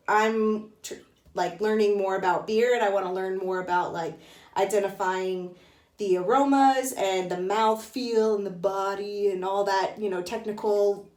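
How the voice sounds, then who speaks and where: A woman hosting a casual book and beer vlog, talking in a chatty, excitable way with lots of "like"s and restarts. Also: mid-range voice. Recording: echoey small room.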